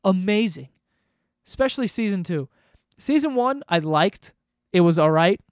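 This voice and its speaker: A man's voice: high-pitched, moderate pace, smooth, no room sound. Young man, dry close sound, rambling rant. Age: 20s. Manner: profane, rambling, animated. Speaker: vlogger. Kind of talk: casual rant to camera. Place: home room below living room.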